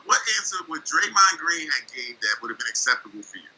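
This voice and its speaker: A man's voice: fairly high pitch, animated, fairly quick, gravelly, hardly any pauses, bright, forceful tone, slight background noise, rough recording. A man co-hosting a sports talk show who pushes back with wry, teasing remarks. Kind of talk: casual sports debate.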